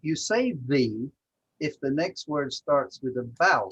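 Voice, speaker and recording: Patient male language teacher, husky voice, video call audio. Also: fairly high pitch, lively intonation, a little slow, a bit bright, low-quality recording. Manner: patient, explains with examples. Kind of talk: online language lesson.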